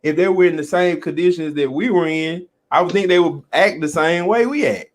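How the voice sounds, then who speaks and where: Calm reflective man, slightly high voice. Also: fairly quick. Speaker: podcast guest. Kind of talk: casual chat.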